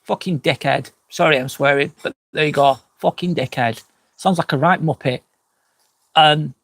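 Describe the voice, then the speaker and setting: A man hosting a casual live stream outdoors by a fire pit, a little drunk on wine, rambling through chat comments with lots of swearing and quick apologies. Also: a little high, fairly bright tone, no room sound. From England. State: tipsy from wine.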